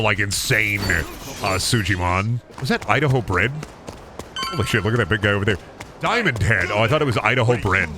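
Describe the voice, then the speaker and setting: Man, game streamer, profane, joking, lively pitch, loud music behind. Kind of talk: casual gameplay commentary.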